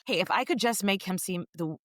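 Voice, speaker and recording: A woman co-hosting a casual history podcast, telling the story in a jokey, swearing, animated way. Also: mid-range voice, quick pace, no echo, studio quality. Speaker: podcast co-host.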